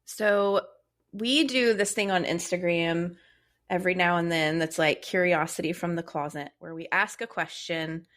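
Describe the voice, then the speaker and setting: A woman's voice: on the low side, moderate pace. A young adult woman co-hosting a podcast, chatting casually and telling a funny story with lots of laughter. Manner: chatty storyteller, laughs often, animated retelling. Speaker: podcast co-host. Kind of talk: casual chat.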